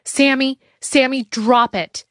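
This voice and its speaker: A woman voicing a tough female ex-soldier who gives sharp, firm commands in an audiobook. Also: medium pitch, unhurried, dry recording, studio quality, lightly acted. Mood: urgent, commanding.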